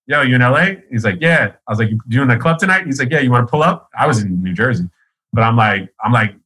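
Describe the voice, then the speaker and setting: Husky, forceful-sounding man, rambling and profane, laughs a lot while telling a story. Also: medium pitch, lively intonation, fast talker, rough recording. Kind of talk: casual storytelling.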